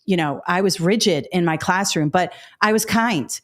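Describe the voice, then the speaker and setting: A woman's voice: lowish voice, moderate pace, few pauses. Chatty woman hosting a teaching webinar. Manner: chatty, direct, many fillers and asides. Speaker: education webinar host.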